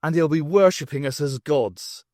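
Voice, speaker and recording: A man's voice: on the high side, moderate pace, a little mellow, no room sound, clean studio sound, natural voice. A man reading aloud, voicing a cocky young man who gasps for breath between words while running. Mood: smug. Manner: puffing, gasping between phrases.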